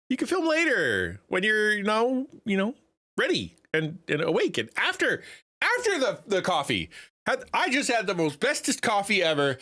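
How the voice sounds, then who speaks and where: A man putting on the voice of a bubbly, sleepy morning influencer in a high sing-song. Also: clear, resonant tone.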